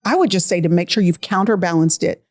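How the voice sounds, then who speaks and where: Thoughtful, measured woman podcast guest. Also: lowish voice, darkish tone. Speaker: podcast guest, Bible teacher. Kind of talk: casual faith podcast conversation.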